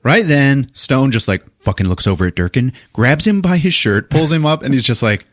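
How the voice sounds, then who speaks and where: A man's voice: medium pitch, brisk, no room sound, clean studio sound. A man hosting a podcast, recapping a film in casual chat and acting out the quotes with lots of swearing. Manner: animated retelling with acted-out quotes, swearing. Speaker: podcast host.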